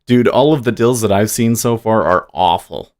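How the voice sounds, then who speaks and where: A man's voice: fairly low pitch, a little mellow. Rambling man chatting on a livestream. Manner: rambling, halting, with many restarts. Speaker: livestream day trader. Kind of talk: casual livestream chat.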